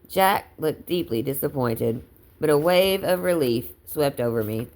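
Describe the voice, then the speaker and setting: A woman reading a book aloud in an unhurried way, now and then stumbling and correcting herself. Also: low-pitched, animated, a little mellow. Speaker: audiobook reader.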